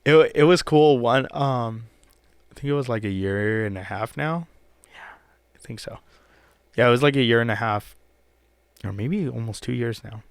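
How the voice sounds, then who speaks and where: A man's voice: mid-range voice, moderate pace, long pauses, clear, resonant tone, no echo. A man from El Paso, Texas, co-hosting a podcast in casual, swear-filled chat, telling stories with lots of fillers. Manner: loose, profane, storytelling with many fillers. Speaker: podcast co-host.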